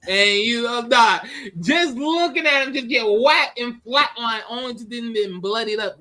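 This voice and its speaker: A man with a high, bright voice talks through a film in loose, casual chat. He is animated, laughs easily and breaks into quick voices to act out the scenes. His delivery is lively and unpolished. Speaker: movie reviewer. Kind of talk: casual spoken movie review.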